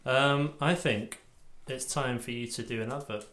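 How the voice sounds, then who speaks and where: A man's voice: mid-range voice, steady tone, a little slow, a bit bright. A man hosting a casual podcast, bantering and joking at his own expense. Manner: jokey, self-mocking banter. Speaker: podcast host.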